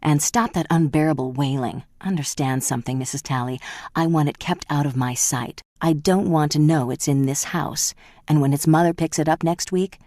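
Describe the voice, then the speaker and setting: Wealthy, hot-tempered man who shouts commands, voiced by a woman narrator; deep voice, dry recording. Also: normal speed, no echo, close to an everyday voice. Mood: commanding.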